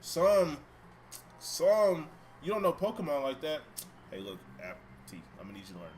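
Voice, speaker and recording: A man plays a video game on a home stream, bantering casually with viewers and swearing a lot while game music runs. His voice is fairly high with a darkish tone, very animated at normal speed, with slight background noise.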